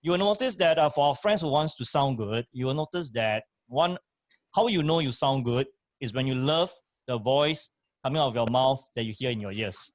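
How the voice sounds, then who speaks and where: A man's voice: mid-range voice, expressive, normal speed, dry recording, clean studio sound. A man, co-hosting a casual chat and coaching with emphatic, repeated points. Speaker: co-host and motivational speaker. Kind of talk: casual chat, giving advice.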